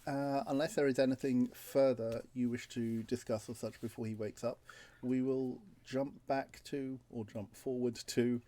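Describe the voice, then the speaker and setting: A man narrating as game master in a tabletop game, halting, with many fillers. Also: mid-range voice, level tone, dark tone.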